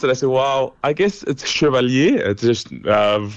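A man's voice: mid-range voice, big pitch swings, moderate pace, no room sound. A man, an opera singer guest chatting in an interview over a remote line, laughing often and restarting sentences. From New Zealand. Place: hotel or home in Europe, remote.

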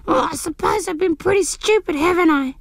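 A woman's voice: very high-pitched, brisk, creaky, no echo, clean studio sound, voice pushed up. A woman voicing a vain male weka bird who wails and whimpers in a storybook reading. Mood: sheepish. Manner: wailing, tearful, drawn out.

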